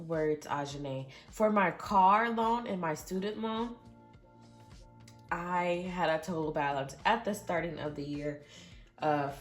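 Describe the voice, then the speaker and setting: A young adult woman talking casually and earnestly to her viewers, reading out exact figures. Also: sits low. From Michigan, USA. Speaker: budgeting vlogger. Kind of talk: casual budget update.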